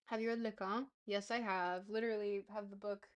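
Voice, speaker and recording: A young woman streaming a book reading, putting on a playful mock-British accent as she reads. Between passages she chats casually with viewers and teases herself about her slips. Her voice sits at a middle pitch. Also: little pitch movement, fairly quick, highs cut off. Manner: casual, chatty and self-teasing between passages. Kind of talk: livestream reading aloud and chatting with viewers.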